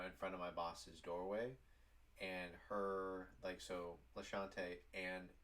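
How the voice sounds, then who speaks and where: Low-voiced man telling a rambling story. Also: sharp tone. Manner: rambling, heavy use of "like". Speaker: vlogger. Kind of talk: casual storytime vlog.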